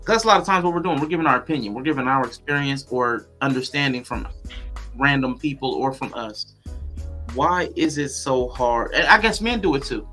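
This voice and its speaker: A man's voice: mid-range voice, brisk, bright, forceful tone, soft background music. A man hosting a livestreamed talk show, greeting viewers and posing thoughtful questions in casual chat. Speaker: podcast host.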